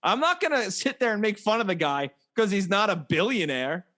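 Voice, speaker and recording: A man with a notably high voice co-hosts a casual podcast about movies. He talks in a joking way and often slips into mock voices to quote scenes. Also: sing-song, a little fast, bright, forceful tone. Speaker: podcast co-host.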